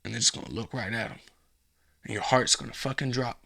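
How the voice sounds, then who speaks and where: A man's voice: medium pitch, fairly quick, gravelly, pushed and bright. A man hosting a podcast, delivering a profane, sarcastic, rambling comedic monologue. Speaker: podcast host.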